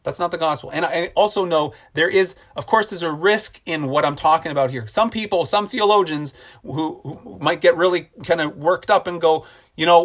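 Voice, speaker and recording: A man preaching a sermon as a pastor, earnest and repeating phrases for emphasis, slowing down on key lines. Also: fairly high pitch, fairly bright tone.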